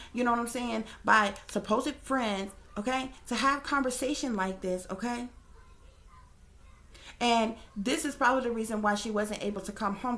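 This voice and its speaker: A woman's voice: medium pitch, a bit bright. A woman hosting her channel as a psychic reader, giving casual commentary with emphatic, repeated "okay?" checks and casual swearing.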